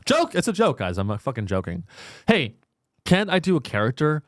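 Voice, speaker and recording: A man's voice: mid-range voice, sing-song, brisk, dry recording, clean studio sound. Sarcastic, crude man hosting a podcast. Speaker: podcast host. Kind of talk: casual comedic podcast banter.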